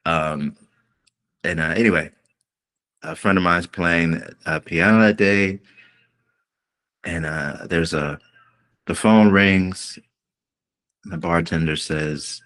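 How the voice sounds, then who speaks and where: A man's voice: sits low, fairly even intonation, slow pace, long pauses, a bit bright. A male R&B singer telling a long story in a podcast interview, acting out the quoted voices as he goes. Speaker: guest singer.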